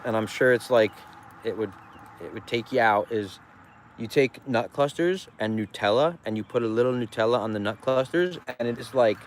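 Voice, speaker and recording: Joking farmer chatting by a busy road. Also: male voice, mid-range voice. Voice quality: joking, rambling, laughs often. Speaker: farmer selling at a roadside stand. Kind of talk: casual livestream chat. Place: outdoors beside a busy road. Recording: traffic noise outdoors.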